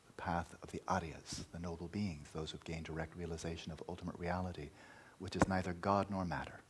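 A man's voice: sits low, fairly even intonation, brisk, a little hiss or hum. A man teaching meditation in a dharma talk, emphatic, repeating key words and at times dropping to a near-whisper.

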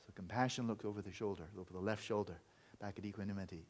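Man, meditation teacher, reflective dharma talk, lowish pitch, breathy edge. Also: fairly even intonation, quick pace. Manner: earnest, reflective, acts out inner voices.

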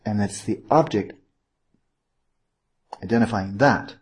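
A man's voice: on the low side, slow pace, breathy edge. A man giving an informal Buddhist teaching, digressive and self-correcting, posing rhetorical questions to his listeners. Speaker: meditation teacher.

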